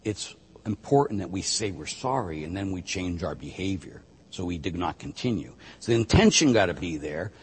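A man's voice: low voice, normal speed, hardly any pauses, breathy edge. Priest guy explaining stuff on a talk show, voice jumps all over, lots of echo. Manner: animated, emphatic, acts out penitents' lines. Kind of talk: casual teaching on a talk show. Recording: long hall reverb.

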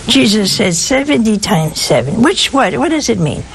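A woman's voice: on the high side, big pitch swings, moderate pace, vocal fry, few pauses, background noise. A woman giving a sermon, telling stories with humor and asking her listeners rhetorical questions. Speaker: preacher.

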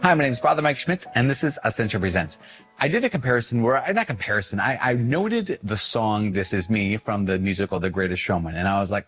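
A man, a priest, talking casually in a video, animated and self-mocking, rambling with fillers. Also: medium pitch, brisk. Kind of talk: casual video talk to camera.

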